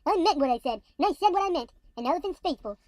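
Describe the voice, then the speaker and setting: A man's voice: very high-pitched, animated, fast, a little mellow, no room sound, voice pushed up. A man voicing a faithful, kindly male elephant in a storybook reading, with sped-up playback. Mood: determined.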